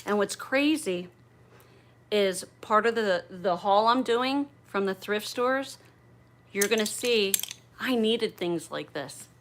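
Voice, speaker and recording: A woman's voice: medium pitch, lively intonation, slow pace, a little hiss or hum. A middle-aged woman chatting on a livestream as she opens gifts, gushing, bubbly and a little raunchy. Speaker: livestream host opening gifts.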